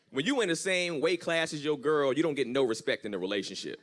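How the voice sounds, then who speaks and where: Young male stand-up comic, bright, animated storyteller who does high-pitched voices. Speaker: stand-up comedian. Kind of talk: stand-up comedy set. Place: church comedy stage with live audience.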